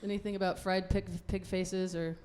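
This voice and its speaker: A woman's voice: medium pitch, level tone, moderate pace, a little mellow, slight background noise. Chatty woman moderating a live panel. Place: event venue with audience.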